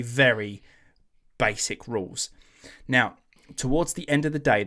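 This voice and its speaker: A man hosting a podcast tells a history story in a loose, chatty way. He swears freely and slips into slangy voices when he quotes people. His voice sits at an ordinary middle pitch. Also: a bit bright. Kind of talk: casual storytelling chat.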